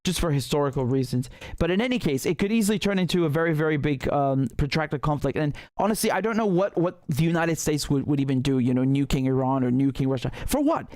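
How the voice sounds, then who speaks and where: A man's voice: on the high side, quick pace, hardly any pauses, a little mellow, dry recording, clean studio sound. A male host giving heated, emphatic political commentary on a livestream, often restarting his sentences.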